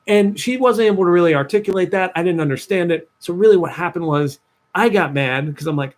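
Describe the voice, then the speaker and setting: A young man, a dating coach talking to viewers on a livestream, telling a personal story with lively voiced-out asides. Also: normal speed. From New Jersey, USA. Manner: animated storytelling, acts out his past self in a higher voice.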